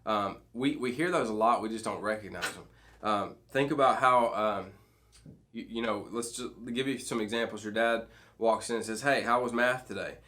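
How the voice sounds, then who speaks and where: A man's voice: lowish voice, normal speed, fairly bright tone. A man leading a devotional for students. He reads scripture and explains it in a conversational way, often checking in with "okay?" and "right?". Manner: frequent restarts and fillers. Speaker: youth pastor. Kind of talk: midweek devotional teaching to students.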